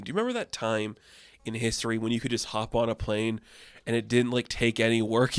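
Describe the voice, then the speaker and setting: A man's voice: mid-range voice, fairly quick, clean tone, no echo. A man casually reviewing a comic book in a video, chatty and enthusiastic, full of "like" fillers.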